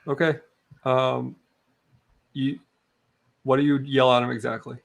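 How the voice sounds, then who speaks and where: Male game master, gravelly, laid-back, halting delivery. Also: mid-range voice, flat delivery. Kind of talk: narrating a tabletop game.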